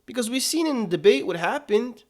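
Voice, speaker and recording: A man's voice: extremely high pitch, expressive, brisk, darkish tone. A man delivering political commentary, emphatic and indignant, repeating his points for weight.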